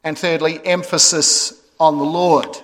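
A man delivering a sermon with a measured, emphatic cadence, pausing between phrases. His voice sits a little high for a man. It rings out through a reverberant church hall with a long echo. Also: flat delivery, a bit bright. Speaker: preacher. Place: church sanctuary.

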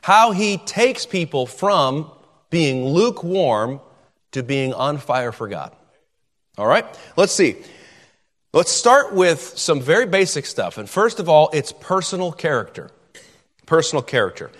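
A man's voice: on the high side, big pitch swings, measured pace, fairly bright tone, in a large hall. A man preaching a sermon, emphatic and repeating words as he drives his points home.

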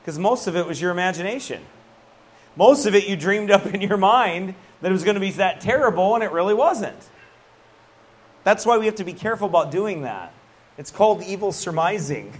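A man preaching a conversational sermon as a pastor, animated, with laughs and asides. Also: sits high, fast talker.

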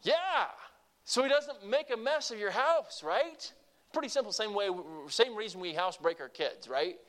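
Man, pastor, sermon in church, somewhat high voice, chatty preaching with questions to the congregation, emphatic swings in volume. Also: very animated, moderate pace. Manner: varies loudness and pace for emphasis.

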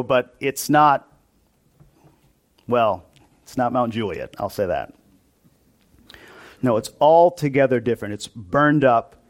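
A male pastor preaching a sermon to his congregation in a church, in a conversational style that often asks them questions. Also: mid-range voice.

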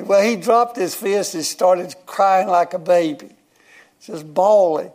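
A man's voice: sits high, slow pace, darkish tone. A man, telling a personal story in a folksy, rambling sermon and chuckling often. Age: 70s. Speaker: guest preacher.

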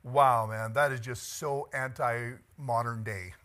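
A man's voice: medium pitch, a little slow, hardly any pauses, fairly bright tone. A middle-aged man preaching a conversational sermon as pastor, chatty and joking, laughing often and moved by the text.

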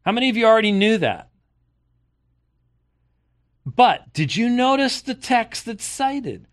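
Reading aloud from historical sources, this older preacher has a very high, very animated voice and takes his time. He delivers long quoted passages, then stops to fire off pointed rhetorical questions and sarcastic remarks.

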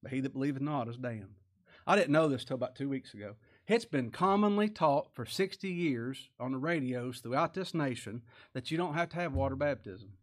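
A preacher delivers his sermon with a voice a touch higher than most men's. He keeps climbing into loud, ringing emphasis, then falls back into hushed asides. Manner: preaching with sudden rises in pitch and volume, dropping to quiet asides. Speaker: pastor.

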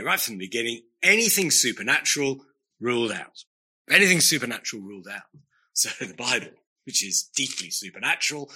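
A man's voice: medium pitch, bright, forceful tone, husky. A man preaching a sermon, emphatic and earnest, repeating phrases for stress with wry asides.

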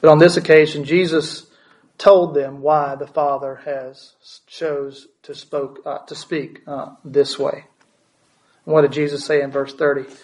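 A man's voice: a little high, flat delivery, measured pace, darkish tone, low-quality recording. A man preaching a sermon as pastor, asking the congregation questions and repeating words for emphasis.

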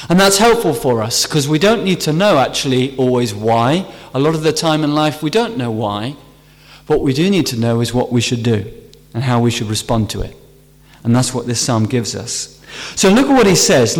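A man's voice: on the high side, lively intonation, moderate pace. A man preaching a sermon earnestly, stressing key phrases as he explains a psalm. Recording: long hall reverb.

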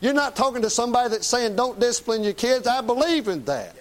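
A man's voice: very high voice, big pitch swings, fast. A middle-aged man, preaching a folksy, plain-spoken, emphatic sermon. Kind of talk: conversational sermon.

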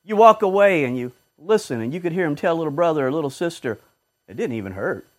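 A man preaching a sermon, fervent, swinging from loud exhortation to low murmurs and acting out short quoted voices. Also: quick pace.

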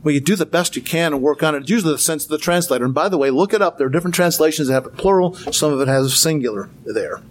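A man giving an informal Bible lecture, conversational with many fillers and restarts and a dry sense of humor. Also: on the high side. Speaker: Bible teacher.

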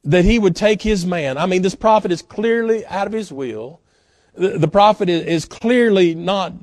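A man's voice: high-pitched, a little mellow, no room sound, studio quality. A male guest pastor preaching a sermon in a folksy, emphatic way, with frequent "uh" fillers. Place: church.

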